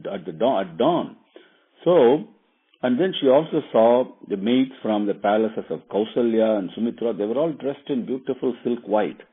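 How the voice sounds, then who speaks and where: Husky storyteller on a phone line. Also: male voice, on the low side. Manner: meandering, with fillers and restarts, relishing details. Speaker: storyteller and teacher. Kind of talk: casual storytelling lesson.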